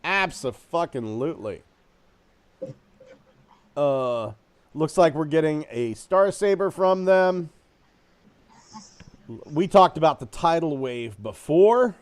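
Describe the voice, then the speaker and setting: A young man hosts a relaxed podcast chat. He wanders off topic, drops curse words without a second thought, and laughs at his own jokes. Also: a little high, clean tone. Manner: rambling, swears freely, quick to laugh at himself. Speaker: podcast host reading viewer comments.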